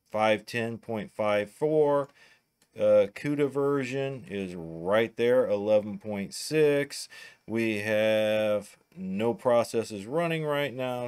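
A man with a Midwestern American accent, casually talking through each step of a computer tutorial as he works. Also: medium pitch. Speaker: tech tutorial host. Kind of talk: narrated screen-recording tutorial.

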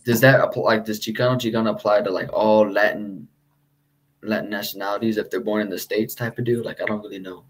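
A man's voice: on the low side, fairly even intonation, quick pace, low-quality recording. A man hosting a casual chat with a light Texan accent, talking in a laid-back, slangy way and swearing freely. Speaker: podcast host.

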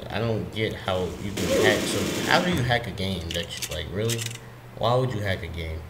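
A man commentating his own gameplay, frustrated and swearing at opponents, with loud game music and gunfire behind him. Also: lowish voice, expressive, normal speed, heavy background noise. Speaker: gamer.

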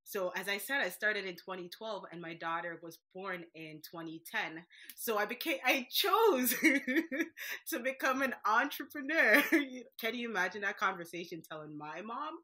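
Bright-voiced woman from Jamaica. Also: mid-range voice, measured pace. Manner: lively, laughs often while talking. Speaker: guest business owner. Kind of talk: casual interview.

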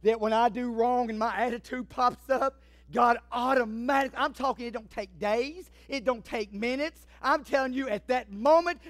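A man delivers a fervent, emphatic sermon, calling out directly to his congregation. His voice sits very high for a man. The sound is close and dry, with no room echo. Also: normal speed, fairly bright tone. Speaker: pastor.

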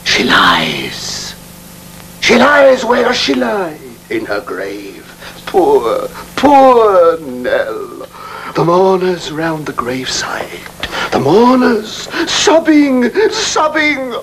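A cheeky, fussy old-school music-hall comic, slow and drawling, with a voice that leaps wildly up and down. He mutters camp asides and lapses into mock-tragic recitation, in a 1970s film comedy. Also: high-pitched, wildly swooping pitch, fairly bright tone, exaggerated voice. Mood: fussing. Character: fussy bumbling middle-aged male music-hall performer. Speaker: comic entertainer.

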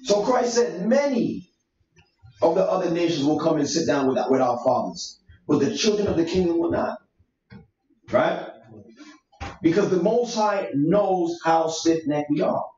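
A man's voice: on the high side, animated, unhurried, long pauses, darkish tone. A man leading a Bible study, preaching emphatically in a conversational way with street slang. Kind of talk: sermon-style Bible teaching. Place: church meeting room. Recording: echoey room, distant mic, dull sound.

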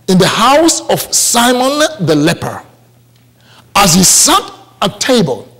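A male preacher with an African accent delivers a church sermon with a high, very lively voice. He takes his time, drawing out words and repeating lines for weight. He keeps turning to the congregation with questions. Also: slightly rough. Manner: animated, questions the congregation, repeats phrases for emphasis. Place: church service.

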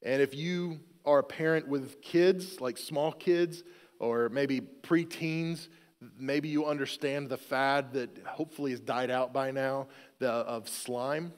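A man preaching a sermon as pastor, telling a family story in a relaxed, joking, self-deprecating way. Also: mid-range voice, takes it slowly, big-room sound. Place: church sanctuary.

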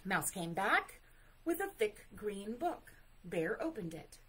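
A woman reads a picture book aloud at library story time, unhurried and expressive. Her voice moves through a lively range, and she pauses to add chatty asides about the pictures. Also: mid-range voice, breathy edge, rough recording.

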